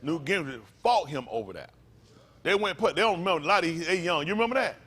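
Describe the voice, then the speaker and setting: A male pastor preaching a sermon to his congregation, fiery and slangy, firing rhetorical questions at the room and swinging from low mutters to sudden loud bursts. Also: lively intonation, quick pace.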